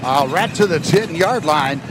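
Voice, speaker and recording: A man doing play-by-play commentary on a high school football game on a headset, talking loosely with lots of fillers and restarts. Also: lively intonation, measured pace, noisy background. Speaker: play-by-play announcer.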